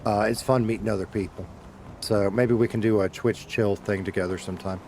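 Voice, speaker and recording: A man's voice: on the low side, steady tone, fairly quick, darkish tone, slight background noise. A middle-aged man streaming a game from home, chatting casually with viewers, rambling and swearing as he corrects himself. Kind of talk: casual chat while gaming.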